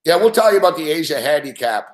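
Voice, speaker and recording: A man's voice: fairly high pitch, sing-song, fast talker, reverberant. A man hosting a sports betting show live, ranting in a casual, profane, rambling way and laughing often. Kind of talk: casual live-stream rant.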